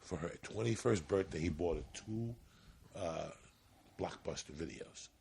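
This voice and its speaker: A man's voice: unhurried, creaky, darkish tone, a little hiss or hum. A man telling a rambling, profane story in casual podcast chat. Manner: profane, rambling, low-key. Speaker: podcast guest, comedian.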